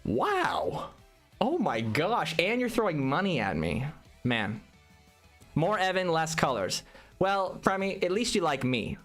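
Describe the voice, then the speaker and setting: Male streamer, chatty and jumpy in pitch, over faint game music. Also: slow. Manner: animated, rambling, self-deprecating. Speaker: live streamer. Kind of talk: casual live-stream chat while gaming.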